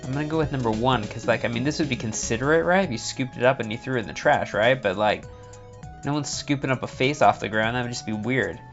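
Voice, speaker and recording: A man's voice: mid-range voice, fast. A man casually chatting and joking while streaming a game, rambling into comic rants. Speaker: streamer playing a visual novel. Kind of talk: casual live-stream banter. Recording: slightly dull lo-fi stream audio with faint music.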